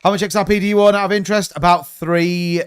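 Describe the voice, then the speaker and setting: A man's voice: high-pitched, fairly even intonation, fast, clear, resonant tone. A man in his thirties, hosting a crypto livestream, talking bluntly and rambling, sometimes swearing. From United Kingdom. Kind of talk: casual livestream chat.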